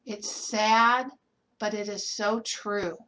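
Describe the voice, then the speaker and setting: A woman's voice: mid-range voice, fairly even intonation, slow pace, a bit bright, rough recording. A woman lecturing nursing students in a conversational way, asking rhetorical questions and checking in with "okay?". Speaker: nursing instructor. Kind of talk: recorded lecture.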